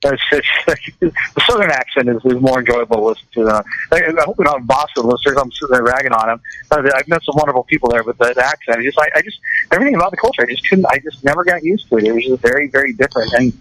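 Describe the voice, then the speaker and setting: A man's voice: medium pitch, racing, fairly bright tone, rough recording. A man from California chatting casually on a radio show, rambling with lots of restarts and repeated words.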